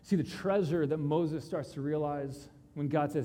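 A man with a fairly high but mellow, slightly husky voice preaches a sermon. He retells scripture in casual, conversational voices, swings from excited bursts to quiet intensity, and his words ring with the long reverb of a large hall. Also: moderate pace. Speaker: pastor.

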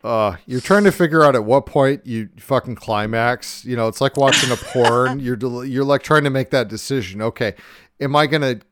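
A man hosting a podcast, ranting in a casual, profane and excitable way. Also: medium pitch, moderate pace, noisy background. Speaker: podcast host.

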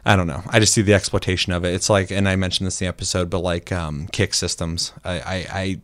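A young man with a very deep voice talks loosely on a podcast, swearing freely and slipping into little acted-out quotes. The sound is dry and close. He rambles through his points. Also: flat delivery, fast, fairly bright tone, no room sound. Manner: profane, rambling, acts out quotes. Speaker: podcast co-host. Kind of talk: casual chat.

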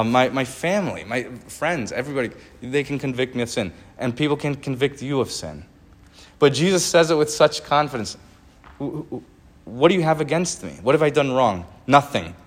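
Man preaching through a scripture passage. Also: medium pitch. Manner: reads verses with rising emphasis, then comments with small laughs and restarts. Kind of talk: sermon, reading and explaining scripture.

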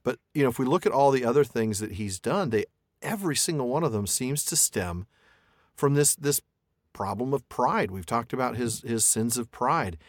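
A man's voice: medium pitch, expressive, normal speed, no echo, clean studio sound. Thoughtful man co-hosting a book chat. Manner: thoughtful, reads quotes aloud, frequent restarts. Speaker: podcast co-host. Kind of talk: casual book discussion.

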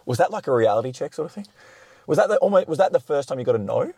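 A man's voice: on the high side, very animated, very fast, mellow, husky, no echo, studio quality. A man hosting a podcast, asking short, casual questions and reacting briefly. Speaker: podcast host.

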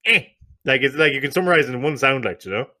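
A young Irish man in loose, rambling banter, laughing his way through sentences and dropping swear words. His voice is bright and forward, sitting at an ordinary middle pitch for a man. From Ireland. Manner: rambling, laughing, swearing, doing silly vocal noises. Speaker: podcast co-host. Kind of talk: casual banter.

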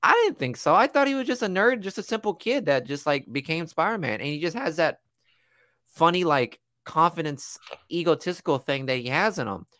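A man's voice: on the high side, fairly quick, dry recording, clean studio sound. A young man co-hosting a casual movie review podcast, rambling with many fillers. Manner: rambling, lots of fillers, animated. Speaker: podcast co-host.

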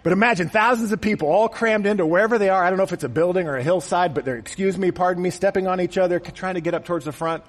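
A man's voice: high-pitched, racing, hardly any pauses, big-room sound. A man preaching a conversational, joking sermon to a congregation in a church. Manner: conversational and joking, acts out quotes. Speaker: pastor. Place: church auditorium.

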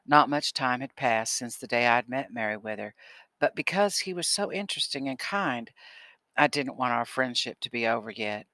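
A man narrating an audiobook in a steady storytelling manner. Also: medium pitch, normal speed, no room sound. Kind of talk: scripted narration.

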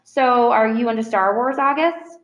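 A woman's voice: a little high, moderate pace, pitched above the performer's own voice, close to an everyday voice. A woman voicing a friendly, upbeat homeroom teacher who speaks cheerfully and coaxingly, read in a storybook. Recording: roomy echo.

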